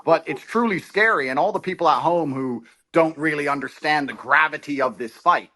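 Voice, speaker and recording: A man as a guest in a heated political talk, speaking forcefully and declaratively. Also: fairly high pitch, a little fast.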